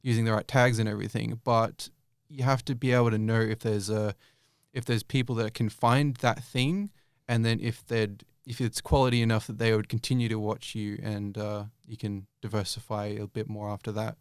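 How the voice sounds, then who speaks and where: A man's voice: lowish voice, little pitch movement, moderate pace, clear, resonant tone, no room sound, studio quality. A young man answering interview questions casually, rambling with many fillers and restarts. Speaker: YouTube creator guest.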